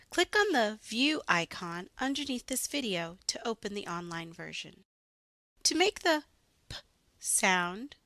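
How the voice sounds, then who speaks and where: Woman doing a tutorial voice-over, fairly high voice, lots of pitch movement, clear and instructional. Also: pushed and bright. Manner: clear, instructional, carefully articulates phonemes. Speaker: reading teacher demonstrating a website. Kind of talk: scripted tutorial narration.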